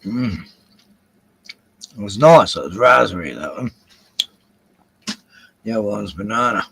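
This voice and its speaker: An older Australian man hosts a casual livestream from home, rambling from one topic to the next and swearing freely. His voice is low, slow and gravelly. The sound is dry and close. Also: lively intonation, a bit bright, no echo, poor audio. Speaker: livestream host. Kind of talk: casual solo livestream chat.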